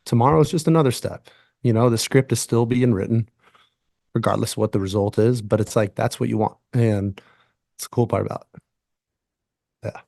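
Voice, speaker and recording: A man in his thirties, a pitcher answering reporters at a press conference, halting with many fillers and restarts. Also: creaky, mellow, dry recording, clean studio sound. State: tearing up. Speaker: baseball pitcher.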